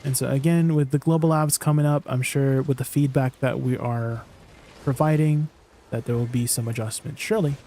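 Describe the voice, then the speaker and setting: A man's voice: mid-range voice, fairly even intonation, moderate pace, mellow, a little hiss or hum. A man chatting casually on a game live stream, answering viewers' questions and laughing at himself. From Canada.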